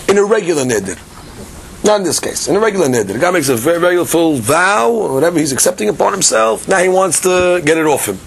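A man's voice: a little high, sing-song, quick pace, creaky, slight background noise. A man teaching a Talmud class, acting out both sides of the argument and mixing Hebrew and Aramaic terms into his English. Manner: acts out both sides of the argument, many restarts. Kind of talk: lively Talmud class, reasoning aloud.

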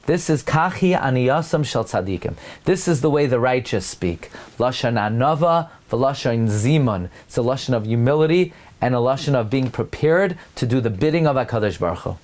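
Man preaching, fairly high voice, animated storytelling, rhetorical questions, Hebrew terms. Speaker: religious teacher. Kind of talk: sermon.

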